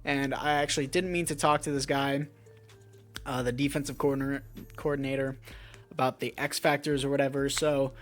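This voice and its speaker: A man's voice: medium pitch, flat delivery, a little fast, soft background music. A young man giving casual, chatty commentary over a sports video game, joking and correcting himself as he goes. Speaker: gaming YouTuber.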